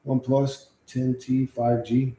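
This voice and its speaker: Brief: mellow-voiced man, loose and profane livestream chatter, echoey room. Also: mid-range voice, flat delivery, unhurried. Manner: profane, rambling, reacts to chat. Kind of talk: casual livestream chat.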